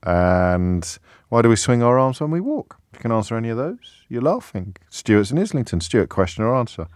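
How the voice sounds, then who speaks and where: A man's voice: medium pitch, big pitch swings, moderate pace, darkish tone, no echo, studio quality. A man hosting a radio phone-in, talking casually in a chatty, wry, self-mocking way. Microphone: studio microphone.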